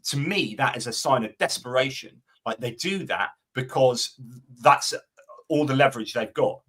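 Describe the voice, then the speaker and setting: A man's voice: medium pitch, moderate pace, fairly bright tone. Conversational male political commentator. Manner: conversational, thinks aloud with restarts and quoted asides. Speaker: guest commentator. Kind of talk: casual political analysis on a livestream.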